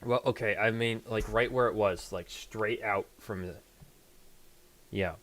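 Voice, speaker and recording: A man narrates a tabletop game as its game master, at an unhurried, drawn-out pace. His delivery is loose and casual, full of hesitant fillers, with frequent laughter. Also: fairly low pitch, fairly even intonation, a bit bright.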